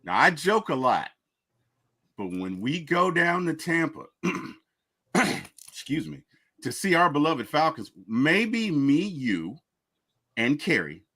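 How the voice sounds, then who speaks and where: A man's voice: fairly high pitch, sing-song, slow, pauses often, sharp tone. A man co-hosting a casual sports podcast, joking and stammering when put on the spot. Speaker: podcast co-host.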